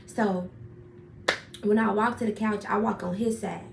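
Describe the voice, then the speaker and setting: A young woman telling a personal story in a casual, animated, profane way, getting worked up as she retells it. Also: mid-range voice, a little slow, vocal fry. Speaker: storyteller vlogger. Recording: roomy echo, far from mic, faint noise.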